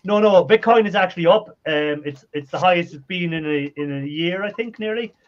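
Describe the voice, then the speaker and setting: A man's voice: high voice, brisk. A man co-hosting a casual livestream chat, teasing and laughing often as he reads out viewer questions. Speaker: co-host reading viewer comments. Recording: dull lo-fi sound with steady noise.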